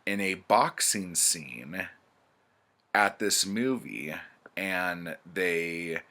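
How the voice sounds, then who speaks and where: A book reviewer recaps pulp stories casually, rambling, swearing, and using plenty of fillers. His low voice is bright and forceful, with drawn-out words.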